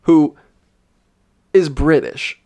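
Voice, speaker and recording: A man's voice: fairly high pitch, steady tone, very slow, a little mellow, dry recording. A young man giving a sarcastic, rambling comedic movie review, with lots of "like" fillers. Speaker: film reviewer. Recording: dry voice-over.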